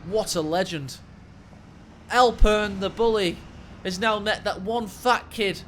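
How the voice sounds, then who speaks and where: A man commentates a strategy game in a high, bright voice. He rambles through jokes and tangents and erupts into excited shouts when the action turns. A faint hum of room sound sits behind him. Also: slow, pauses often. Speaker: game caster.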